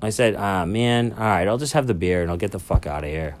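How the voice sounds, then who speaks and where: A man's voice: on the low side, fairly quick. Rambling, profane man podcasting from a cruise cabin. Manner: rambling, profane, easily sidetracked. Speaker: podcast host. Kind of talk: casual solo podcast storytelling. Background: public announcements.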